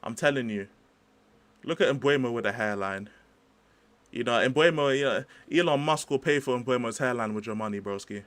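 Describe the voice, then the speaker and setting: A man's voice: mid-range voice, normal speed, fairly bright tone, no room sound. A young man hosting a livestream, ranting about football in a chatty, slangy, rambling way. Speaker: livestream host. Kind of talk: casual livestream football rant.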